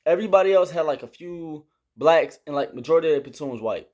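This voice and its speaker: A man's voice: fairly high pitch, fast. A young man telling a story about basic training in a casual, slangy vlog style, with lots of fillers. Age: young adult. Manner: slangy and animated, with many fillers. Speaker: army recruit telling a story.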